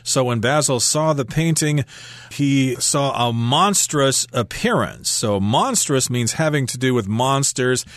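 A man's voice: mid-range voice, lively intonation, unhurried, fairly bright tone, dry recording. A man with a mid-range voice, patiently defining vocabulary for learners on a radio lesson. His speech is close and dry, with no room sound. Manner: explanatory, defines words plainly. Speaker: English teacher.

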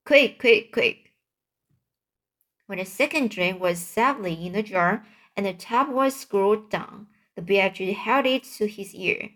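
A woman reading a children's book aloud, halting now and then to restart words. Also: mid-range voice, a bit bright. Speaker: reader.

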